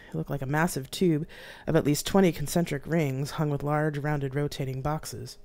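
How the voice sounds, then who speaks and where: Woman author, low voice, expressive first-person reading live on stream. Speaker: author reading her novel. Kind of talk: live reading of her own sci-fi novel. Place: home streaming setup.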